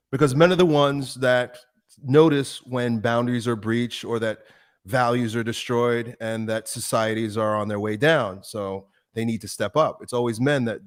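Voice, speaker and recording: Guest, man, middle pitch; earnest, preachy, leans hard into his big points. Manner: emphatic, preachy, builds up to strong statements. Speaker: guest, fitness YouTuber. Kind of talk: earnest interview conversation.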